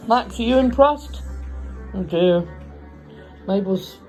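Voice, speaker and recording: A woman chatting at home to her pet parrot, coaxing and doting in gentle baby talk. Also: mid-range voice, slow, soft background music, rough recording. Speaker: pet owner. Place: at home, indoors.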